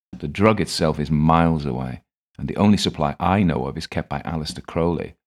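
A man narrating a story in the first person as an audiobook, calm, dry and wry in tone. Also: very deep voice.

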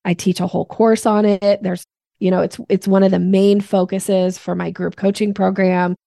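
A woman guest on a podcast, explaining sales steps in an energetic teaching manner. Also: mid-range voice, moderate pace, creaky, no echo, clean studio sound. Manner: energetic teacher, acts out voices in examples.

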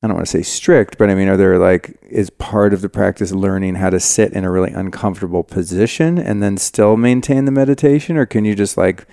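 A man hosts a podcast, asking long, rambling questions in a relaxed, slangy way. His voice is fairly low and mellow. It is recorded close and dry, with almost no room sound. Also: a little fast, vocal fry, hardly any pauses, no echo. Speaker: podcast host. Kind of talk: casual interview chat.

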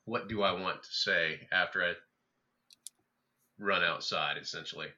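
A man playing a tabletop game, asking questions and planning his character's moves out loud. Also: deep voice, unhurried, highs cut off. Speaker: player. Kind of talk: casual chat at a game table.

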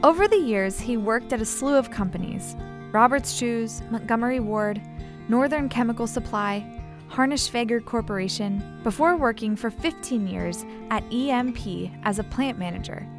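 A woman reading scripted documentary narration in an even, measured way. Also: on the high side, music in the background.

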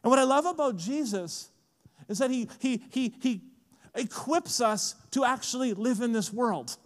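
A man preaching a sermon in a casual, animated way, often saying "like", at a conference. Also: very high-pitched, moderate pace, in a large hall. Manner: lively, casual, frequent "like" fillers. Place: large conference hall.

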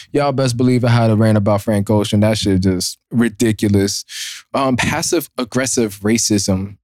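A man's voice: medium pitch, darkish tone, no room sound, clean studio sound. A man hosting his own podcast, ranting alone in a loose, profane, joking way and laughing at his own bits. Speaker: podcast host. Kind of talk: solo podcast rant.

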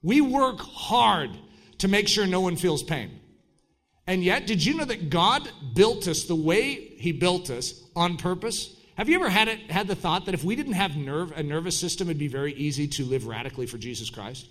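A man preaching a sermon in an animated way, breaking into shouted mock voices. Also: high-pitched, normal speed.

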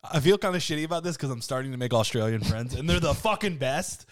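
A man hosting a casual podcast, telling stories in an animated way and swearing freely. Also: on the high side, fast talker, no echo, studio quality. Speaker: podcast host. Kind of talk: casual chat.

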